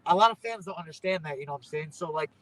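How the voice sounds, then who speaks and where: A man's voice: fairly high pitch, rapid-fire, a bit bright, a little hiss or hum, low-quality recording. A young man, a pro wrestler, chatting in an interview, rambling and tagging "you know what I'm saying" onto his thoughts. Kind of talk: casual interview chat.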